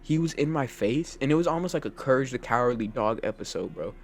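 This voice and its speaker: A young man co-hosting a podcast, telling a story in a casual, animated way, swearing a lot and saying "bro" all the time. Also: medium pitch, quick pace. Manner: animated, profane, says "bro" constantly. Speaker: podcast co-host.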